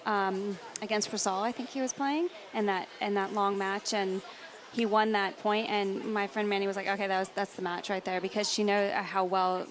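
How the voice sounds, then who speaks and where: A woman's voice: mid-range voice, fairly even intonation, normal speed. Chatty female tennis pundit. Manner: chatty, rambling storyteller. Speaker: tennis pundit, former player. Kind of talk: studio sports punditry.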